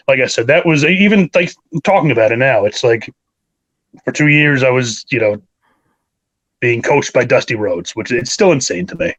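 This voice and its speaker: A man's voice: mid-range voice, poor audio. A man in his thirties from New York, a wrestler guest talking casually in an interview, rambling and enthusiastic with many fillers.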